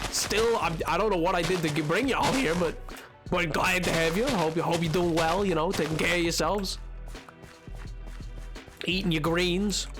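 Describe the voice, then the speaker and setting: A man's voice: high-pitched, a bit bright. A young man streaming a game, chatting casually in a rambling, self-mocking way and laughing often. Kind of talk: casual gaming stream chat.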